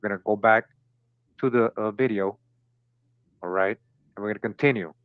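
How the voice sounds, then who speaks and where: Man reading a book out loud on his show, repeats himself, asks the audience stuff, kinda muffled sound. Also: on the low side, a little fast, no room sound. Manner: repeats words, asks listeners "right?". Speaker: host. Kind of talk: reading aloud with commentary. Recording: dull lo-fi recording.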